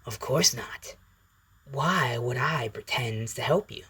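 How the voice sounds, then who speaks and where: A man voicing a blunt, mocking alien symbiote in a storybook reading, with a dry, drawn-out, teasing delivery. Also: mid-range voice, sharp tone, slightly rough, full character voice. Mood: deadpan.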